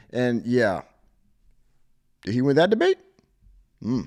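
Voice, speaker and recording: A man's voice: medium pitch, sing-song, a little slow, long pauses, a little mellow. A man hosting a live stream, reacting to a clip with wry, sarcastic asides. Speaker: podcast host reacting to a clip.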